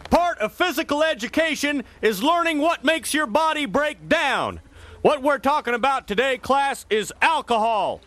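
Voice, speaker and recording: A man's voice: very high-pitched, lively intonation, moderate pace, a bit bright. An actor playing a stern male gym teacher who lectures his class in a barking, disgusted tone, in a cartoon. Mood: lecturing. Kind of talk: cartoon voice acting.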